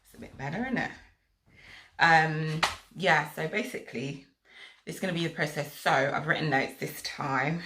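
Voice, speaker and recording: A woman's voice: deep voice, normal speed, pushed and bright. A young woman from South London with a South London accent, chatting casually to her vlog audience, rambling and joking at herself with plenty of fillers. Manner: chatty, rambling, self-mocking, lots of fillers. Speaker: vlogger.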